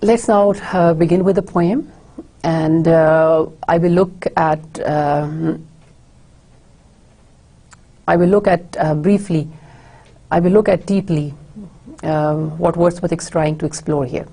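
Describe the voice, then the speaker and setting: A woman's voice: on the low side, fairly even intonation, takes it slowly, pauses often, mellow. A woman giving a recorded university literature lecture, explaining steadily with frequent filler words. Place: recording for an online course.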